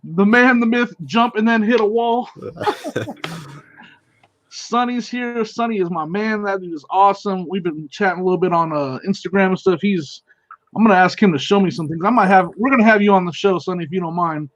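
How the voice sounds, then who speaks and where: A man's voice: high voice, a little fast, highs cut off. A man hosting a casual live stream, greeting chat viewers by name in an upbeat way and laughing often. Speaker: host.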